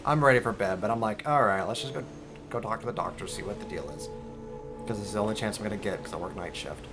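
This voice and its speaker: A young man streaming a game, telling a story in a casual, swearing, animated way and squeaking out high alarm noises. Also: fast talker, loud music behind the voice. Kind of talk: casual storytelling while gaming.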